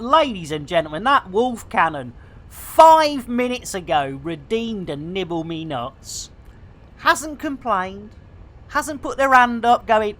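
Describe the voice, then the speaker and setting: A woman streaming live, chatting casually in a bubbly, jokey way, with bursts of shouting and laughter. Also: medium pitch, very animated, measured pace.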